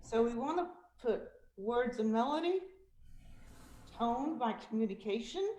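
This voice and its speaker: Animated woman coaching singers, echoey room. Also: on the high side, measured pace. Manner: animated, demonstrative, laughs often, sings vocal exercises. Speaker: vocal coach and guest speaker. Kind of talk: vocal technique demonstration. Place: virtual meeting. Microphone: video call.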